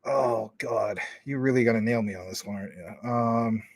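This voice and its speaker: A man's voice: mid-range voice, moderate pace, creaky, dry recording. A man hosting a casual livestream, reading viewer comments in a rambling, informal way with many fillers. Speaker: crypto livestream host.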